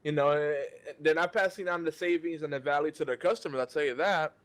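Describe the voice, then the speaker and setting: A man's voice: fairly high pitch, fast. A man hosting a podcast, ranting in exasperation and often restarting his sentences. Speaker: podcast host. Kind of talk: casual podcast banter.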